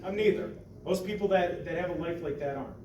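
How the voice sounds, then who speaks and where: A man from Ohio chatting casually, telling stories with lively acted-out quotes and casual swearing. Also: sits high, quick pace, a loud crowd. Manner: animated storyteller, acts out quotes loudly, swears casually. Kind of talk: casual podcast chat. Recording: echoey room, mic at a distance, background noise.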